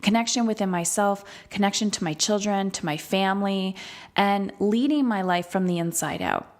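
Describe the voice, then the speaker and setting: A woman's voice: mid-range voice, moderate pace. A woman hosting a solo podcast as a coach, speaking candidly and emphatically and swearing freely.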